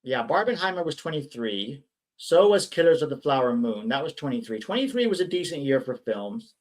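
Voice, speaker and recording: A man's voice: mid-range voice, sing-song, fairly quick. A young man hosting a casual live watch-along stream, chatting and reading viewer comments aloud.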